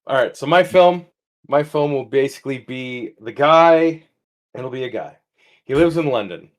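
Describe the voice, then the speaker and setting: A young man co-hosting a comedy podcast, telling an absurd story in halting, rambling bursts. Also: mid-range voice. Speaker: podcast co-host. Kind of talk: casual comedic chat.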